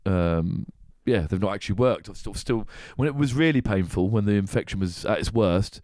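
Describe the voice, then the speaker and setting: A man's voice: fairly low pitch, expressive, moderate pace, a little mellow, no room sound, studio quality. A man hosting a podcast, telling a story in casual chat, laughing often and swearing. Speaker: podcast host.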